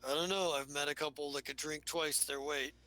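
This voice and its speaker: A man's voice: on the high side, steady tone, fairly quick, bright, forceful tone, poor audio. A man voicing a friendly, amused stranger who is leaving the group.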